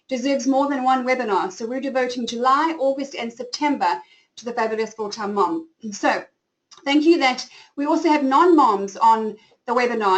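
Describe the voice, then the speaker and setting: Hosting a live webinar, the founder of a company, a high-voiced woman in her forties with a South African accent, recounts her personal story with warm, gushing openness. The recording quality is low.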